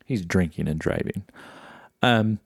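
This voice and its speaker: A middle-aged man reflecting in a casual solo podcast monologue, halting and full of fillers and restarts. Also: low voice, creaky, husky, dry recording, studio quality. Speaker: podcast host.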